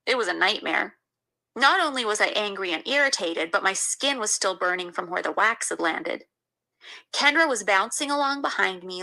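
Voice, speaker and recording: A woman's voice: mid-range voice, gravelly, sharp tone, poor audio. A woman reading a first-person memoir aloud in an indignant storytelling manner. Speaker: memoir reader.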